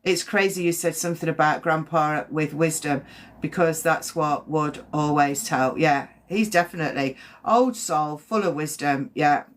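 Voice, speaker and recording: A woman giving a live spirit reading as a medium, talking in a halting, gentle and reassuring way with frequent repeats. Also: low-pitched.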